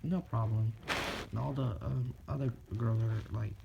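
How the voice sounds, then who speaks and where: A man's voice: medium pitch, moderate pace, vocal fry. A man casually telling an improvised fan story, rambling and swearing. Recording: dull lo-fi recording with faint noise.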